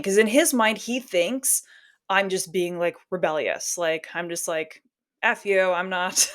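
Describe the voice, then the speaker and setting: A woman in her forties, appearing as a podcast guest, casually tells a personal story, laughing quickly and acting out snippets of dialogue. Her voice sits fairly low and has a fairly bright tone.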